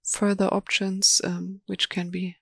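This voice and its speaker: Slow, hesitant woman presenting software. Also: medium pitch, flat delivery, vocal fry, husky, dry recording, clean studio sound. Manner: slow, hesitant, many ums and restarts. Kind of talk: live software demo webinar.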